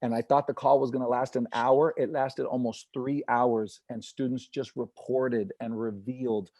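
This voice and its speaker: An earnest man who is a comedian and inspirational speaker gives a motivational talk over a video call. His voice is mellow and relaxed, sitting in a middle pitch and recorded dry and close. He acts out the people he quotes with lively voices. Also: moderate pace, dry recording.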